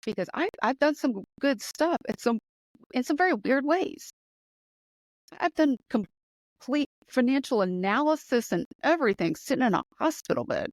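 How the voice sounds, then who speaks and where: A woman's voice: normal speed, dry recording. A woman hosting a conversational interview, from the United States, talking in an enthusiastic and emphatic way. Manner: enthusiastic, emphatic, rising pitch when excited. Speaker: podcast host.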